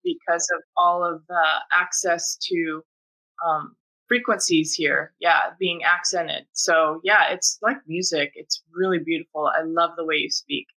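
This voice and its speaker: A woman co-hosts a casual spiritual conversation and answers with eager, affirming enthusiasm. Her voice is slightly low, with a bright and forceful tone. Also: steady tone, a little slow, rough recording.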